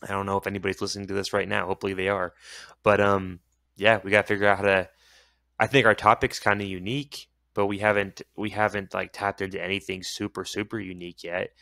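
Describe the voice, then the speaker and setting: A man with a low voice talks loosely in a relaxed podcast chat, wandering off his point and circling back. He is recorded close and dry. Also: quick pace, vocal fry, no room sound. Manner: rambling, loses his train of thought. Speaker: podcast co-host. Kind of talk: casual chat.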